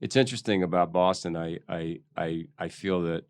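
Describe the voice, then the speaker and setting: Deep-voiced older actor from Philadelphia. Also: male voice, no echo, clean studio sound. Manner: halting, many restarts and ums, thoughtful. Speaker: guest actor. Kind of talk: casual interview chat.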